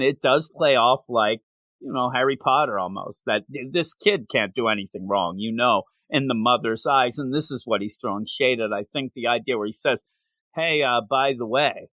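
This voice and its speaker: Animated man retelling a manga scene. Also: medium pitch, normal speed, no room sound. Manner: animated retelling, acting out characters' lines. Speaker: podcast co-host reviewing manga. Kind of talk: casual chat.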